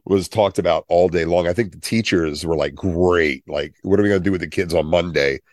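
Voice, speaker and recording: Male podcast co-host, 50s, very low voice, jokey tangents, dry booth. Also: normal speed, a little mellow, dry recording. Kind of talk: casual chat.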